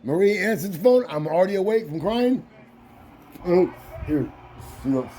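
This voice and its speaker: A man's voice: sits high, big pitch swings, moderate pace, long pauses, warm tone, a little hiss or hum. A man telling a family story in a casual, emotional way, repeating phrases and restarting his sentences. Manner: repetitive, restarts phrases, insistent.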